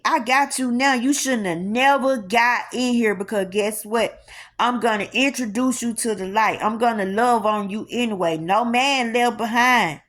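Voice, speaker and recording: A woman's voice: a little high, moderate pace, fairly bright tone. Woman giving a colloquial spiritual talk. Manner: colloquial, emphatic, preacher-like repetition. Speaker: spiritual teacher. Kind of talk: informal spiritual teaching.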